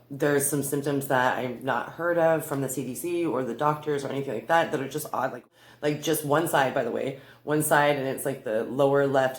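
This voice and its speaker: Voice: mid-range voice, roomy sound. A tarot reader chatting casually to camera in a rambling, effusive way, at home. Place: room in their new home.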